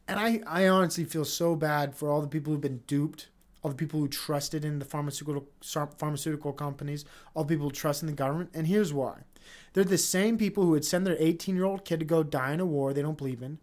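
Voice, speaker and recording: A man's voice: fairly high pitch, a little fast. A man hosting a solo podcast, ranting off the cuff with heavy profanity and frequent restarts. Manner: profane, heated, rambling with restarts. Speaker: podcast host. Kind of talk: unscripted stream-of-consciousness rant.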